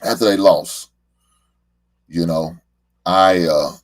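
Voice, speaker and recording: A man's voice: low-pitched, fairly even intonation, slow pace. A middle-aged man, a show host and father, talking in a casual, heartfelt monologue and often repeating words as he rambles.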